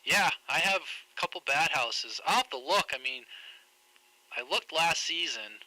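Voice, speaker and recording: A man's voice: on the high side, animated, pushed and bright, no room sound, poor audio. A man co-hosting a radio show, telling laid-back anecdotes in casual chat. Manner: laid-back anecdotal, with fillers and quick laughs.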